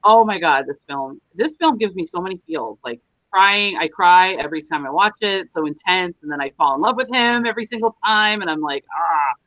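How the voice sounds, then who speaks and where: A woman's voice: fairly low pitch, animated, brisk, hardly any pauses, dry recording. A woman co-hosting a casual podcast chat, gushing and effusive, on dull lo-fi audio. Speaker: podcast co-host.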